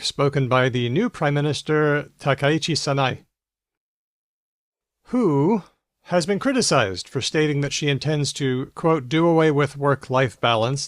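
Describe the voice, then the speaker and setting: A man's voice: medium pitch, no echo, clean studio sound. A man co-hosting a casual language podcast, chatty and explanatory, reading out news items with asides. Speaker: podcast co-host.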